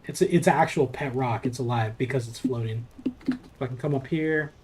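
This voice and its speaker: A young Southern California man chats loosely while streaming a game, rambling and swearing in casual live-stream talk. His voice sits in the mid range at a moderate pace, with background noise behind him.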